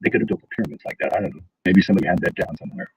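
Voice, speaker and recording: A man telling stories in casual conversation, animated, acting out the people he quotes. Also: low voice, racing. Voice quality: husky. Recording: dull lo-fi sound.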